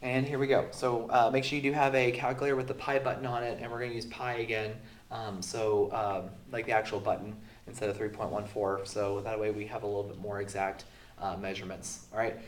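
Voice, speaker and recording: A man who is sick, teaching a recorded math lesson in a relaxed way with many fillers, going through the steps slowly. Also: lowish voice, slight background noise. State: sick, voice sounds off. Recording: roomy echo.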